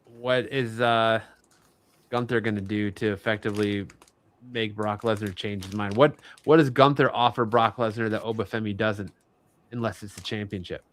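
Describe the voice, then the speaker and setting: A man with a fairly low voice co-hosts a casual wrestling prediction chat. He poses questions and works through his thoughts aloud, restarting his sentences as he goes. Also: steady tone, moderate pace. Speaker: co-host.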